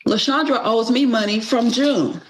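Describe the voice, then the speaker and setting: A woman's voice: on the high side, moderate pace, echoey room, noisy background. A woman telling a story from her own life in a dramatic, exasperated way. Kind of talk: casual storytelling.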